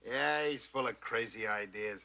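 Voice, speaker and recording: Gruff shrewd studio boss. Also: male voice, lowish voice, moderate pace, pushed and bright, highs cut off. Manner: gruff, wisecracking.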